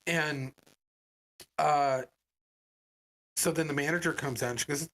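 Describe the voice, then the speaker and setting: Podcast guy telling a story, gets really animated, jumps way up in pitch doing other people's voices. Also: unhurried, long pauses. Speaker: podcast co-host. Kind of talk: casual storytelling chat.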